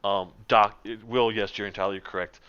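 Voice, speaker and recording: A man's voice: on the low side, a little fast, smooth, dull audio. A man narrating as game master in a casual online tabletop game, with many fillers. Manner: animated, with fillers.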